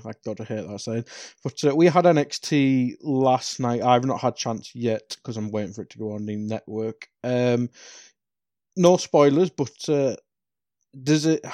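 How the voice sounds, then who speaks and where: A man's voice: medium pitch, mellow, no echo. A man from the UK co-hosting a podcast, chatting casually about wrestling, swearing now and then and laughing easily. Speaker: podcast co-host.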